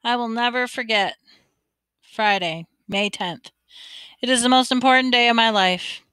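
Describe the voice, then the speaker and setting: A woman reading a children's storybook aloud in first person, expressive and lively. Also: on the high side, unhurried, smooth, no echo. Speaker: audiobook reader.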